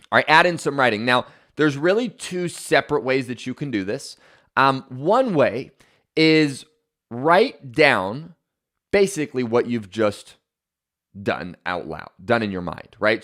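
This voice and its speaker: A man's voice: medium pitch, a bit bright. A man giving an emphatic motivational talk as a podcast host, repeating his key points and often checking in with "right?".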